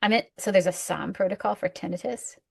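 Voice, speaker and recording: A woman acupuncturist chatting casually about patient cases, an animated storyteller who pokes fun at herself. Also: mid-range voice, gravelly, breathy edge. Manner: animated storyteller, self-mocking, quick asides. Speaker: acupuncturist, co-host. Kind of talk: casual clinical chat.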